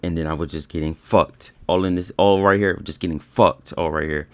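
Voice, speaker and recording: Young guy with a low voice, cursing and ranting about his trades, rambly, dry close mic. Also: steady tone, normal speed, no room sound. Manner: swears constantly, repeats himself, rambling. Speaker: day trader recapping his session. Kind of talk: frustrated screen-share rant.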